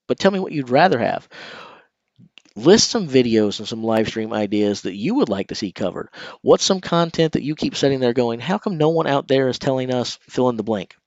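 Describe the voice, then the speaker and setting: A man's voice: mid-range voice, gravelly, dry recording, dull audio. A man hosting a casual live stream, chatting straight to his viewers. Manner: conversational, talks straight to viewers.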